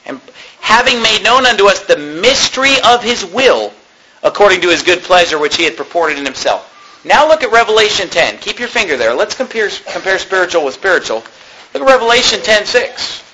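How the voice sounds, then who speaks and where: Man, pastor, fiery sermon, bright forceful voice, faint background hiss. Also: high voice, fairly quick, poor audio. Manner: impassioned, animated preaching with mocking asides.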